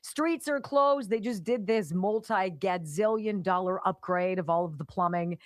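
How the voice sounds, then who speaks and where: A woman's voice: mid-range voice, measured pace, no room sound, clean studio sound. A woman hosting a talk radio show, delivering an opinionated monologue with sarcastic, mocking asides. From Pittsburgh area.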